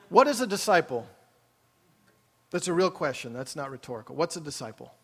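A man preaching a sermon in a high voice, talking casually with his congregation and asking them questions. His voice rings out in a large auditorium with a long reverb tail. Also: very animated, normal speed, a bit bright, breathy edge. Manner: conversational, asks the congregation questions. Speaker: pastor.

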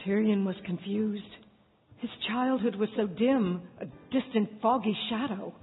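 A woman narrating a dramatic story in a measured, expressive way. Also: mid-range voice. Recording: tinny, echoey hall, faint music.

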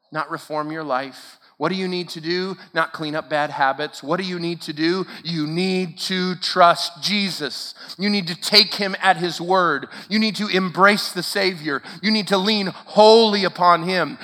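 A man preaching with a bright, forceful, fairly high voice and an emphatic, repetitive cadence. His words ring out with a long reverb from a large hall. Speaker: camp speaker. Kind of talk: sermon.

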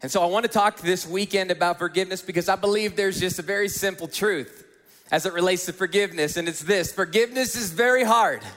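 A high-voiced male pastor preaches to a congregation in a large church auditorium, telling stories in a chatty, animated way. His voice rings out with a long echo through the hall. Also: quick pace. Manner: conversational storytelling, animated. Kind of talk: sermon. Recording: echoey hall.

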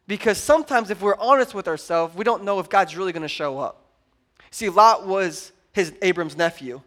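Pastor guy, high voice, animated chatty sermon at church, says like a lot. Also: normal speed. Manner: animated storytelling, heavy on "like". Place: church service.

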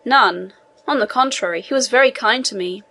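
A woman's voice: fairly high pitch, moderate pace, sharp tone. A woman voicing a young male sailor held in prison, earnest and imploring in a storybook reading. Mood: pleading.

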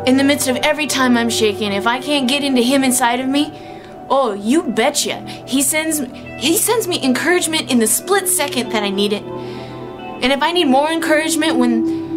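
A woman with a high voice gives an emotional faith testimony. She talks with exclamations and bursts of feeling. Music plays clearly under her voice. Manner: emotional, exclamatory, tearful at moments. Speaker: Christian speaker sharing testimony.

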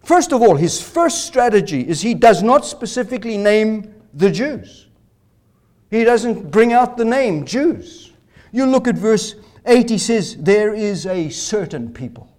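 A man's voice: extremely high pitch, animated, measured pace, a little mellow. A man preaching a sermon, asking rhetorical questions and repeating phrases for emphasis.

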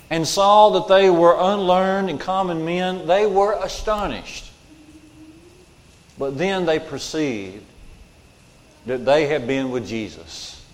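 A man preaching a sermon as pastor, emphatic and repeating his key lines for weight. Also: high voice. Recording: long hall reverb.

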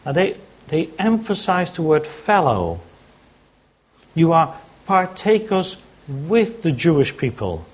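A man's voice: on the high side, very animated, slow pace, husky, dull audio. A man preaching a sermon, teaching by asking questions and answering them himself. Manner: teaching, asks and answers his own questions.

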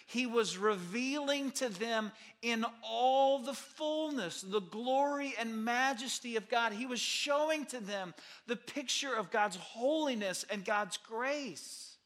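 Bright-voiced male preacher, high and tense. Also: slow, hardly any pauses. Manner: reads scripture then preaches with rising energy, asks the congregation questions. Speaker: pastor. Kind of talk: sermon.

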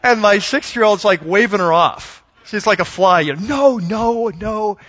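A middle-aged pastor delivers a sermon in a relaxed, conversational style, sharing a family story full of ums and restarts. His voice sits high and he speaks at a normal speed.

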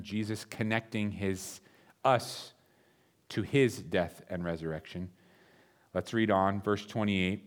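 Earnest, low-voiced male pastor preaching. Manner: earnest preaching, rises in pitch and volume for emphasis, slows on key phrases. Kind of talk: sermon.

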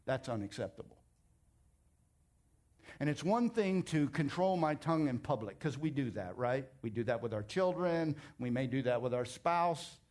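Animated male preacher telling stories. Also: medium pitch, moderate pace. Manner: animated storytelling, emphatic; conversational, jokes with the congregation. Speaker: pastor. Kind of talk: sermon.

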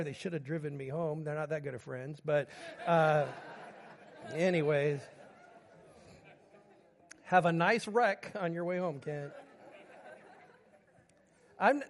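Preacher in his fifties with a high, light voice, telling personal stories from the pulpit. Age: 50s. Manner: storytelling, moving between humor and grief. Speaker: pastor.

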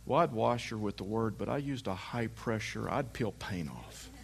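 A man preaching a sermon, telling a lively personal story and acting out his wife's lines. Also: on the low side, moderate pace, vocal fry, slight background noise.

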